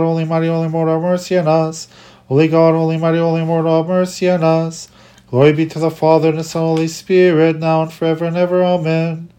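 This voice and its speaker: A reader reciting liturgical prayers and psalms in a steady cadence, with occasional stumbles and restarts. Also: mid-range voice.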